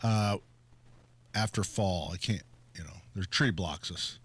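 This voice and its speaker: Older man, radio host, fairly low voice, dry joking, unhurried call-in chat. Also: fairly bright tone, slightly rough, no room sound. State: hearing loss.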